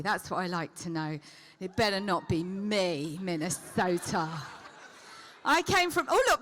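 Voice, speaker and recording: Woman, high voice, bright sharp tone, teasing comic banter, live Q&A, handheld mic. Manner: teasing, playful comic patter. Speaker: celebrity convention guest. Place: convention stage before a live audience. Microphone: handheld microphone.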